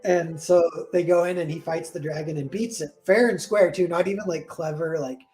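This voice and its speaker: A man's voice: on the high side, fairly even intonation, moderate pace, darkish tone, faint music behind. A man casually retelling a fairy tale, rambling with lots of "like" and correcting himself as he goes. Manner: rambling, full of "like" and self-corrections. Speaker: storyteller.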